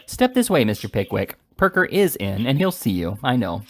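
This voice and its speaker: A man reading aloud and voicing a brisk, sly young male law clerk who talks in a quick, offhand and pettish way. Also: medium pitch, very animated, slight background noise.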